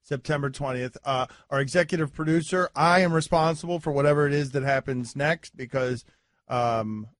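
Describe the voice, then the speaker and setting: A man's voice: medium pitch, normal speed, dry recording, studio quality. A man hosting a sports radio show, flustered and laughing as he moves the segment along.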